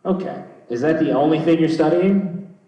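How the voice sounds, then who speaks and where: Rambling, swearing young comedian in an echoey club. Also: male voice, on the high side, moderate pace, mellow, recorded from a distance, lo-fi sound. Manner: rambling, swearing, self-deprecating. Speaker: stand-up comedian. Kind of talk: crowd work at a comedy show.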